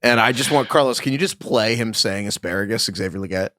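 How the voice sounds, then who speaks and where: A man's voice: fairly low pitch, fast, fairly bright tone. A man co-hosting a fantasy football podcast, joking and riffing in casual chat. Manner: jokey, riffing, frequent restarts. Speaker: podcast co-host.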